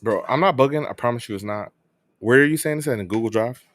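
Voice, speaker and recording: A man's voice: mid-range voice, fast. A man co-hosting a casual podcast, trading teasing banter with the others. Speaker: podcast co-host. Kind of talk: casual chat.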